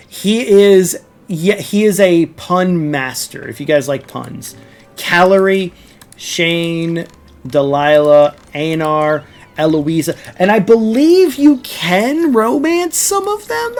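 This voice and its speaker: A man streaming a video game, explaining it in casual, rambling commentary full of fillers and "right?" check-ins. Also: on the high side.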